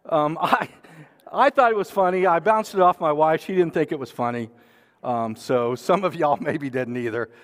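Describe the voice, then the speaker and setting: A man's voice: a little high, moderate pace, in a large hall. A man preaching a sermon and making church announcements, folksy and joking, with many fillers and restarts. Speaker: pastor.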